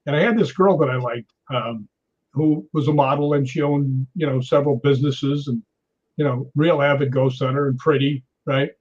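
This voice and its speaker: Husky-voiced man telling a lively story. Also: on the high side. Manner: animated anecdote teller, acts out quotes. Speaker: stunt performer guest. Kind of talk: storytelling in an interview. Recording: dull lo-fi audio.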